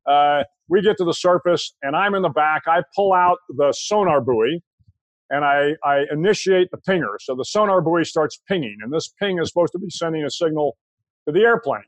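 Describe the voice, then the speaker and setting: Older american guy telling a story on an interview, kinda high voice, dry close sound, restarts sentences a lot. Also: normal speed, no room sound. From United States. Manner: conversational, relaxed retelling with frequent restarts. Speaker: interview guest. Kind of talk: storytelling anecdote.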